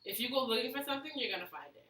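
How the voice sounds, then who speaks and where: A chatty woman host giving advice in quick, playful bursts. Her voice is bright and a little high. It is recorded in an echoey room from a distant mic with faint noise underneath. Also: lively intonation. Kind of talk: casual chat.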